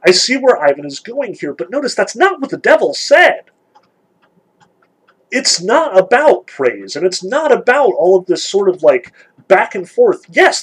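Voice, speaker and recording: A man lecturing on a novel, animated, sarcastic and emphatic, reading passages aloud. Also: high voice, slightly rough, rough recording. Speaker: literature lecturer.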